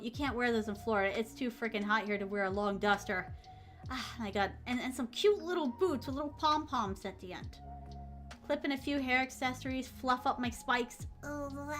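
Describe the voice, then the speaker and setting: A woman's voice: sits high, a little fast, fairly bright tone, soft background music. A woman streamer in a bubbly, gushing casual chat who reads out viewer messages and adds Japanese honorifics to names. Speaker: VTuber streamer.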